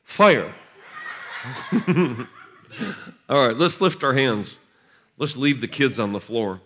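A man preaching at a revival service in a church, laughing and shouting bursts, gentle with the children he blesses. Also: mid-range voice, normal speed, slight background noise. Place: church sanctuary.

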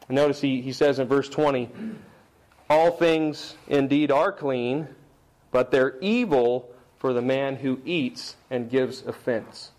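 A middle-aged man preaching a sermon, emphatic in delivery, slowing down to read scripture aloud. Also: medium pitch, darkish tone, low-quality recording. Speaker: pastor.

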